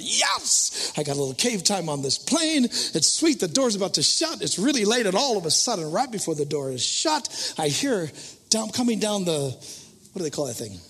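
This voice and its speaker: A man preaching a sermon as a story, self-mocking and animated, acting out his own thoughts in loud voices. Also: a little high, husky, in a large hall.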